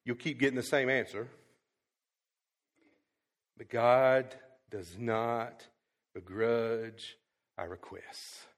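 A male pastor preaching a sermon, swinging from quiet to loud and emphatic. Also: medium pitch, steady tone, slow, long pauses. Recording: long hall reverb.

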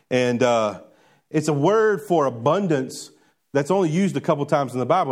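Animated preaching man. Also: a little high. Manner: animated preaching with call-and-response questions to the congregation. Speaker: pastor. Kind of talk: sermon. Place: church before a live congregation.

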